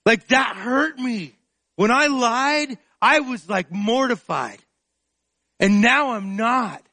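A male preacher giving a sermon in an emotional, confessional way, often breaking into drawn-out spoken prayer. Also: very high voice, animated, bright, forceful tone. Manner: emotional and confessional, praying aloud in drawn-out phrases.

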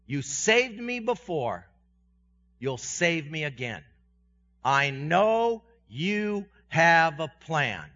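A pastor preaching a sermon to his congregation in a conversational way, with self-deprecating humor, his voice swinging from loud and high to quiet and low. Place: church sanctuary. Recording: dull sound with long reverb in a church hall.

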